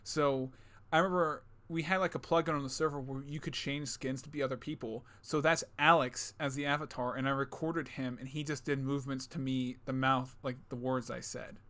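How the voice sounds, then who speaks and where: A man streamer in casual chat, excitable and swearing freely, sometimes drifting off the mic. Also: medium pitch, brisk.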